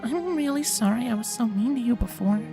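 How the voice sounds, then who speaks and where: A man's voice: very animated, moderate pace, music in the background. A man doing a small sleepy unicorn filly. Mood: guilty, pleading. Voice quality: high and soft. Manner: small, fragile, pleading. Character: young female unicorn filly, sleepy and guilty.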